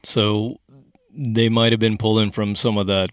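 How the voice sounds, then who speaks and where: Male podcast host, lowish voice, dry close sound, easygoing explainer. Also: unhurried, clear, resonant tone, no echo. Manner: relaxed, explanatory, with restarts. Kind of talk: casual chat about music.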